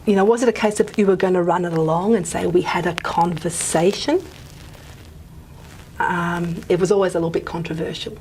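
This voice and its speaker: A woman's voice: fairly low pitch, steady tone, quick pace, few pauses, dark tone, slight background noise. A woman giving a pre-recorded linguistics lecture, thinking aloud and dropping to a murmur as she writes on the board. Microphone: microphone she wears.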